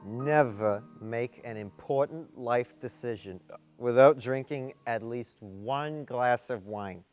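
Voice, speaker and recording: A tipsy wine-mom talk show host, played by a man, dishing out bossy, boozy advice in a live sketch. The delivery is slow and unhurried, with piano music clearly behind. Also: medium pitch, a little mellow, lightly acted.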